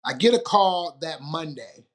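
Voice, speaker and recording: A man's voice: on the high side, a little slow. A man from Detroit, a retired football player, telling stories as an interview guest, acting out the quoted lines and laughing often. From Detroit, USA. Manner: animated storyteller, acts out quotes, laughs often. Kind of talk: storytelling interview.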